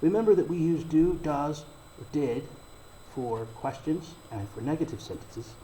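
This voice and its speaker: A man with a mellow, warm voice teaching an English grammar lesson. He explains slowly and deliberately and reads out example sentences. A faint hiss sits under the recording. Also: a little high, animated, poor audio.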